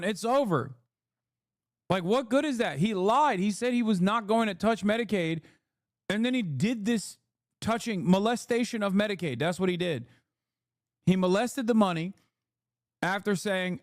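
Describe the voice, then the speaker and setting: A man's voice: sits high, normal speed, dry recording, clean studio sound. A young man streaming, ranting casually with sarcastic, profane mockery.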